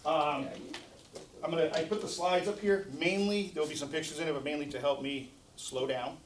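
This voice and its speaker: A man in his forties giving a casual, self-deprecating talk to a club in a meeting hall, speaking loudly to the room after his mic failed. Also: fairly high pitch, steady tone. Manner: chatty and self-deprecating, quick-talking. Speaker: guest speaker. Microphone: distant mic after his mic failed. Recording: roomy hall, distant mic, faint background hum.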